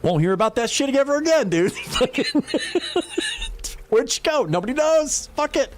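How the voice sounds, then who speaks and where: Lively, profane male streamer chatting. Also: extremely high pitch. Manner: profane, rambling, quick to laugh. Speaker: livestream gamer. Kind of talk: casual livestream chat.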